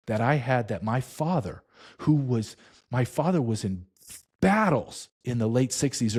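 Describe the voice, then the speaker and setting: A middle-aged man telling a story in an interview, emphatic and intense, slowing down for dramatic weight. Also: mid-range voice, warm tone. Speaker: interview guest, former border agent.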